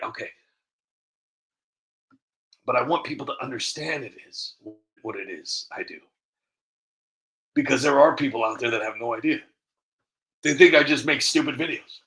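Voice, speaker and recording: A man's voice: mid-range voice, normal speed, pauses often, fairly bright tone, low-quality recording. A man giving opinionated commentary to camera, rambling and repeating himself with frequent restarts. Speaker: video creator.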